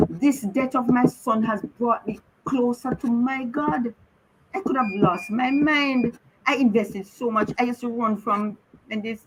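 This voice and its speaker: A middle-aged woman talks with earnest urgency, repeating herself as she pleads with listeners. Her voice sits at an everyday middle pitch. A clear layer of noise runs under the radio recording. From Jamaica. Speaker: radio guest, bereaved mother. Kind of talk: emotional radio talk.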